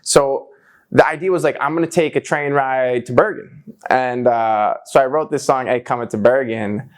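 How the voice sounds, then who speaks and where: Animated young man telling a story. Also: medium pitch, normal speed. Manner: animated, slangy, lots of "like" and "bro". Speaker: musician and guest. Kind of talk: casual storytelling chat.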